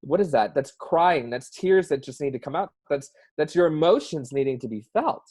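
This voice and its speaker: A man's voice: fairly high pitch, expressive, normal speed, darkish tone. A man with a Southern US accent, a guest speaking earnestly and expressively about personal experience, heard over a video call. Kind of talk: emotional personal interview.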